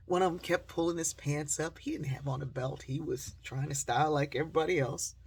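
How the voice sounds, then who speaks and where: Gravelly-voiced woman storyteller with a deeply husky tone, speaking straight to the audience and giving the people in her story their own voices. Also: brisk. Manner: lively storyteller who acts out quoted voices.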